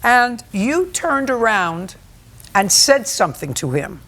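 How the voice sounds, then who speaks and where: A woman's voice: fairly high pitch, sing-song, slow, fairly bright tone. A woman in her seventies presiding as a television court judge, questioning bluntly with a sarcastic, scolding edge. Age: 70s. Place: TV courtroom set.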